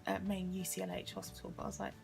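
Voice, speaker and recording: Weary, gravelly woman vlogger. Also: fairly low pitch, little pitch movement, rapid-fire, a little mellow, faint music behind. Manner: weary, emotional recounting with sighs and self-correction. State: tired. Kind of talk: tearful personal storytelling vlog.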